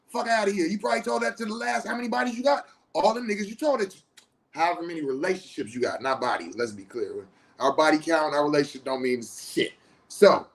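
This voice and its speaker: A middle-aged man in an emotional confessional monologue, blunt and full of swearing, swinging from loud outbursts to low muttering. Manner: profane, heated and blunt. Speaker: host.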